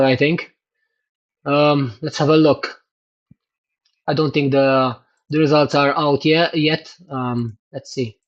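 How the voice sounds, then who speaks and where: A man chatting excitedly to his livestream viewers about his cycling race results, exclaiming often. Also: fairly high pitch, dull audio. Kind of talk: casual livestream chat.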